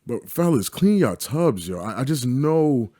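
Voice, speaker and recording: A man co-hosting a podcast in casual banter, loud and joking, talking straight to his listeners. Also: mid-range voice, very animated, unhurried, no room sound, clean studio sound. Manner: loud, joking, profane, addresses listeners directly. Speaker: podcast co-host.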